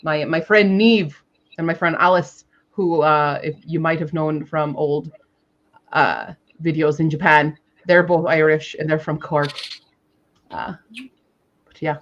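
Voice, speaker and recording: A woman's voice: deep voice, fairly even intonation, unhurried, highs cut off. A woman from Minnesota co-hosting a casual writing stream, chatty and rambling, often slipping into playful accents. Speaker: co-host.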